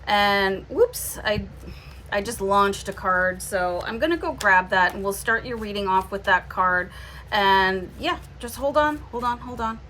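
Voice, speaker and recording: A woman's voice: medium pitch, unhurried, sharp tone, a little hiss or hum. A woman with a Canadian accent giving a casual, reassuring tarot reading, often checking in with "okay?". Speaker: tarot reader.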